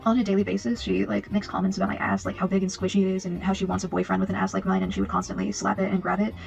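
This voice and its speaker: A young man giving a personal statement to camera, hesitant and apologetic, filling pauses with "like" and "um". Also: sits high, flat delivery, creaky, lo-fi sound, faint music behind. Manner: hesitant, filler-heavy, apologetic. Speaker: video creator.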